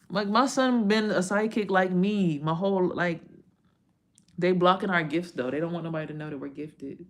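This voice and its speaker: A woman runs a casual livestream as a tarot reader, talking in a rambling, profane, slang-heavy way with frequent side remarks to her viewers. Her voice is fairly low in pitch, expressive and brisk.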